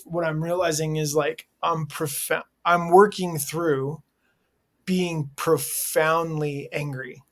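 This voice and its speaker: A man's voice: a little high, a bit bright. Laid-back earnest man with slangy speech. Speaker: hardcore band vocalist, interview guest. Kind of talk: candid casual interview talk.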